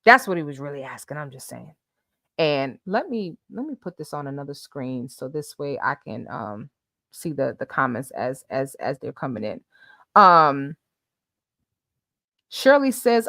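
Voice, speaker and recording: Animated woman hosting a live stream. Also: deep voice, moderate pace, creaky, no echo, studio quality. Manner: animated, laughs often, dramatic readings of messages. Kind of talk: casual live-stream commentary.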